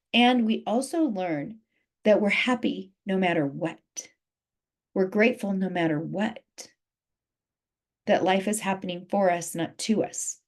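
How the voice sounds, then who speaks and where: A woman's voice: mid-range voice, unhurried. A woman life coach giving a motivational talk on a group video call, emphatic and often repeating her key phrases.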